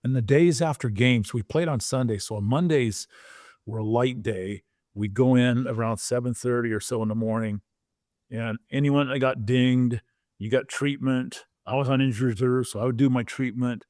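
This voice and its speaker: A man in his sixties, a former pro football player, telling a story on a podcast in a vivid, animated way and acting out the quoted lines. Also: mid-range voice, normal speed, no echo, clean studio sound.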